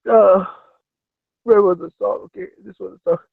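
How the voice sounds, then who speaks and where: A man's voice: sits high, vocal fry, no room sound. A man on a video call, talking as a panelist, flustered and stammering with mock indignation. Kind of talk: casual chat on a video call. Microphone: video call microphone. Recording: dull lo-fi call audio.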